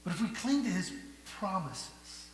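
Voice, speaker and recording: Man, pastor preaching, slightly high voice, rhetorical questions, soft to loud, echoey hall, faint hum. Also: big pitch swings, measured pace. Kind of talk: sermon. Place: church sanctuary.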